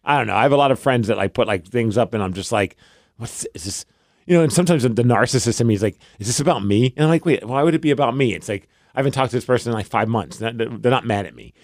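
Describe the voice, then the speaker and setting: A man's voice: medium pitch, rapid-fire, hardly any pauses, no echo. Male podcast co-host, 30s, loose rambling storyteller, dry studio sound. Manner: rambling, animated storytelling with many fillers. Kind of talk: casual chat.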